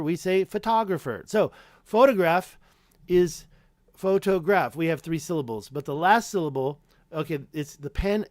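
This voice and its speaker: Chatty, slightly high-voiced man on a live stream. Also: a little mellow, no room sound, studio quality. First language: English. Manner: rambling, chatty, self-correcting, reads viewer names aloud. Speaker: YouTube host answering live chat.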